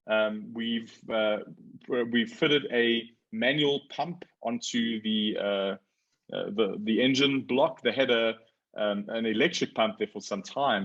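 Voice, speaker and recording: Guy in his 40s chatting as a guest, tells stories and acts out quotes, kinda muffled sound. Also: lowish voice. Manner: storytelling, animated when quoting others. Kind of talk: casual conversation.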